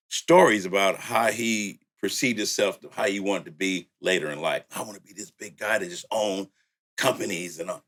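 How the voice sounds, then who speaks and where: A man's voice: low-pitched, pushed and bright. A middle-aged man with a Southern country accent, a music producer telling stories as an interview guest, laid-back and laughing as he acts out old conversations. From Louisiana, raised in the Bay Area. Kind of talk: storytelling interview.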